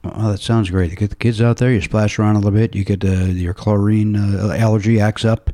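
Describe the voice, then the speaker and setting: A man hosting a podcast in casual chat, joking and bantering. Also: lowish voice. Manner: animated, joking, quick banter. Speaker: podcast host.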